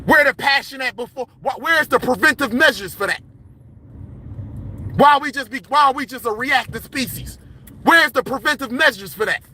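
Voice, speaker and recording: A man with a very high, bright, forceful voice hosting a livestream. He talks in a heated, confrontational rant, preaching at his viewers and often breaking into a yell. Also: normal speed, slight background noise. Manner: impassioned, yelling, confrontational, preachy. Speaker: livestream host.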